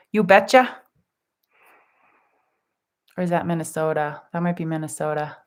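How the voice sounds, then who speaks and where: A woman hosting a live spiritual group session, chatting gently and affectionately as she reads out viewers' comments with soft laughs. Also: fairly low pitch, clear, resonant tone. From California. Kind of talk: casual live-stream chat.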